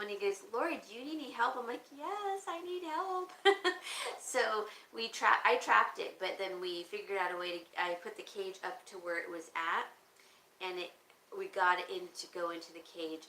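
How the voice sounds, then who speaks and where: A woman's voice: medium pitch, bright, forceful tone. A woman hosting a livestream auction, chatting casually and rambling while she answers viewer comments. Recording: echoey room with faint background noise.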